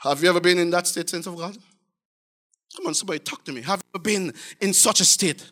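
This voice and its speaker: A man preaching a fervent sermon as pastor, in a sing-song, shouting style with frequent fillers and repeated words. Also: high-pitched, fast.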